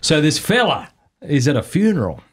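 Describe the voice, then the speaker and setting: A man's voice: fairly high pitch, very animated, normal speed, breathy edge, dry recording, clean studio sound. A man hosting an interview, trading jokes casually and reading out listener questions. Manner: playful, chuckling, reads listener questions. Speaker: podcast host.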